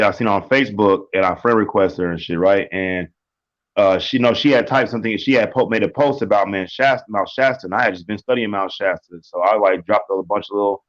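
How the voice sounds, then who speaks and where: Male co-host, low voice, laid-back slangy storyteller, dull lo-fi recording. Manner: relaxed, rambling, slangy, with restarts. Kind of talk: casual chat. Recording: dull lo-fi sound.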